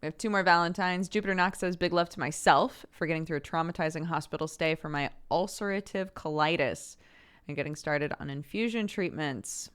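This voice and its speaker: A man's voice: fairly high pitch, a little fast, fairly bright tone, clean tone. A young man streaming, chatting casually with viewers, reading out their messages and laughing often.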